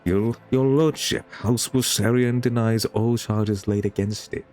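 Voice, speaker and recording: A man voicing a weary but proud noblewoman, speaking slowly in an earnest way. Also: on the low side, fairly even intonation, a little mellow, soft background music, pitched above the performer's own voice, close to an everyday voice. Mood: defiant.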